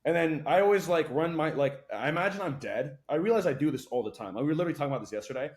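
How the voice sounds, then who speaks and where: Speaking as a guest on a laid-back podcast, a young man with a slightly high male voice tells stories in a rapid, profane, lively rush.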